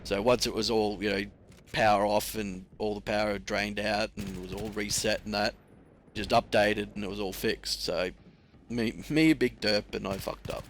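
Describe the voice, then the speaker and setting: A young man with a slightly low voice talks loosely over a match, rambling from one thought to the next and swearing freely. Faint game gunfire and explosions sit under him. It feels like an easygoing commentary track. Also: steady tone, normal speed, a little hiss or hum. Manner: rambling, heavy swearing, slangy. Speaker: gaming commentator. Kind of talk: casual gameplay commentary.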